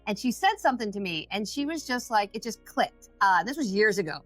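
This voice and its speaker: Bright-voiced woman telling lively stories. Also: medium pitch, a little fast, soft background music. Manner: animated storytelling, acts out her own inner voice, swears freely. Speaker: addiction recovery expert and podcast guest. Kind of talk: casual podcast interview.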